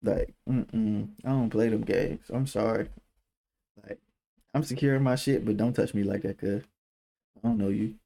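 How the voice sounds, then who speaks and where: A young man with a raspy, hoarse voice, co-hosting a casual podcast and telling slangy, profane stories. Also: on the low side, moderate pace, pauses often. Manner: animated storyteller, slangy and profane. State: hoarse throat. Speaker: podcast co-host. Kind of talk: casual chat.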